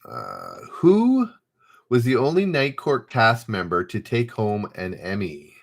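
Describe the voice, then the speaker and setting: A man hosts a live online trivia game, reading the questions aloud and then chatting loosely while players work out their answers. His voice is on the low side, with huge pitch swings, a slow pace and vocal fry.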